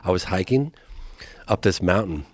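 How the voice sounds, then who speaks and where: A man's voice: sits low, expressive, normal speed, husky, no room sound. A man on a podcast as a guest, rambling through a story in casual chat and acting out his own thoughts. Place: podcast studio.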